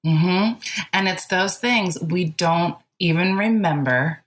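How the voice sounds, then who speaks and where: A woman's voice: lowish voice, slow pace. A woman telling a childhood story in a casual spiritual chat, laughing often and using lots of fillers. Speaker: podcast guest.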